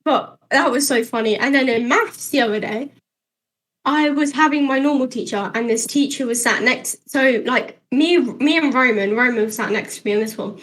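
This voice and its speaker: High-voiced teen girl storyteller. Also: moderate pace. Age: teens. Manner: animated, acts out the dialogue, laughs through the story. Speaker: podcast co-host. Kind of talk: casual storytelling.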